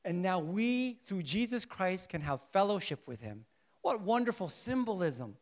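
High-pitched male preacher, preaches with rhetorical questions, slow and soft on key points. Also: very animated. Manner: asks the congregation rhetorical questions and answers them; shifts between soft, slow emphasis and louder bursts. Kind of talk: sermon.

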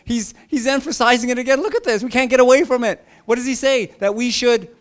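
A man's voice: very high voice, fast talker. A male pastor preaching a sermon with emphatic repeats and joking asides.

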